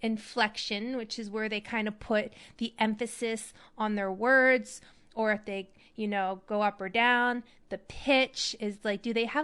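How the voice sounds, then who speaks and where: A woman hosting an acting advice show, talking in a chatty, animated way. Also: fairly high pitch, unhurried, clean tone. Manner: chatty, animated, demonstrates voices. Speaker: podcast host.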